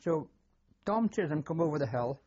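A man's voice: on the high side, lively intonation, normal speed, a little mellow, husky, muffled recording. An older man with a Scottish accent recounting memories in an interview, plain-spoken and given to repeating himself. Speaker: war veteran interviewee. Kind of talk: oral history interview.

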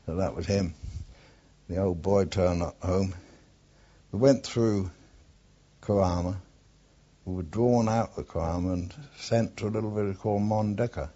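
An older Englishman with a low, dark, husky voice tells his old war stories bluntly, peppering them with swearing. He drifts off topic as he goes. The sound is dull and lo-fi, like an old archive tape. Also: measured pace, long pauses. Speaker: interviewee, war veteran. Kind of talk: oral history reminiscence.

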